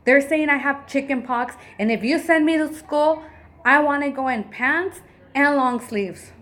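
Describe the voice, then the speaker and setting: A woman's voice: high voice, a little slow, fairly bright tone, pitched above the performer's own voice. A woman voicing her eight-year-old son, who sounds angry and sulky about being bullied. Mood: upset.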